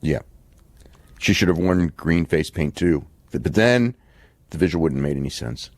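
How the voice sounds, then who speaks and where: A very low-voiced man co-hosting a wrestling podcast, thinking out loud in a loose, rambling way. He stops and restarts his sentences often and leans on fillers. The sound is dry and close, with no room around it. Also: expressive, normal speed, no room sound. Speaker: podcast co-host. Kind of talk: casual wrestling recap chat.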